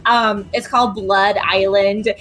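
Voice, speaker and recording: A woman's voice: mid-range voice, steady tone, takes it slowly, a bit bright, soft background music, poor audio. A woman player and performer chatting casually about her upcoming projects, giggly and upbeat. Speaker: actor and tabletop player. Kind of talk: casual chat.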